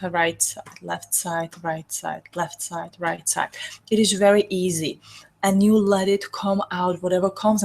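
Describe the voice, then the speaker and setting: A woman reverend giving a spiritual talk and guiding a healing exercise, speaking earnestly in loose phrasing with many restarts. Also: medium pitch.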